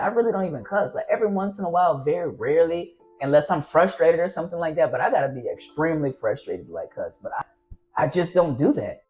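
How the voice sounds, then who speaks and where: A man's voice: mid-range voice, a little mellow. A man vlogging casual, earnest advice on fatherhood, rambling and encouraging as he talks to his viewers. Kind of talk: casual advice talk to camera.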